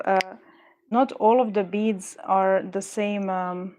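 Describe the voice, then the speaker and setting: A woman's voice: medium pitch, steady tone, slow pace, a little mellow, slight background noise. A woman chatting casually while she makes jewelry, rambling and talking herself through her frustration as she works. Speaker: jewelry maker streaming her work. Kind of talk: casual chat while crafting.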